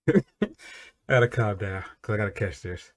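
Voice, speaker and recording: A man hosting a casual music reaction video, swearing freely and breaking into loud, high-pitched laughing excitement. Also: unhurried. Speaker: reaction channel host.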